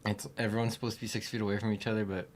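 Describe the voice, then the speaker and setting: A man's voice: on the low side, flat delivery, very fast. A young man co-hosting a podcast, joking around in a laid-back way. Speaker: podcast co-host. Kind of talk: casual chat.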